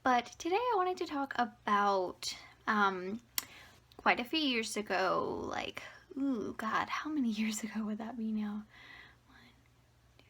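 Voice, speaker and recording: Breathy, rambling young woman vlogging. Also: a little high, lively intonation, measured pace, pauses often, a bit bright. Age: 20s. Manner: rambling, hesitant, drifting into a breathy half-whisper. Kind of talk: casual personal vlog. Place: at home near the fridge, indoors.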